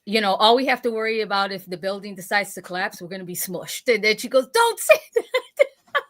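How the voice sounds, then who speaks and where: A woman's voice: medium pitch, fast, a bit bright. A woman guest in casual chat, rambling a little with many restarts.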